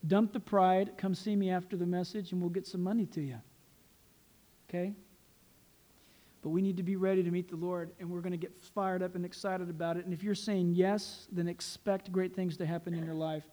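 A man preaching a sermon as pastor, animated and joking, laughing at his own quips. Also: sits high, normal speed.

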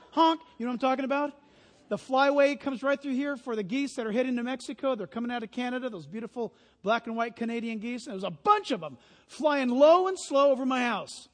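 A man preaching a sermon as pastor, telling stories with lively imitations of honking geese. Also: extremely high pitch, long reverb tail.

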